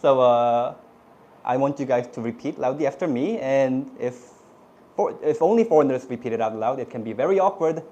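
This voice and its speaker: A middle-aged man with a Korean accent, whose first language is Korean, teaching Korean words to a class in a lively way. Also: medium pitch, normal speed, highs cut off. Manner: animated, switches into cute playful put-on voices for examples.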